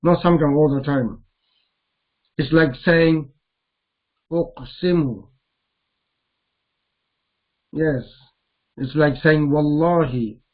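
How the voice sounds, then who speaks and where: A man teaching Arabic grammar in a classroom lesson, explaining slowly and repeating the words he recites. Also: fairly high pitch, fairly even intonation, phone-quality sound.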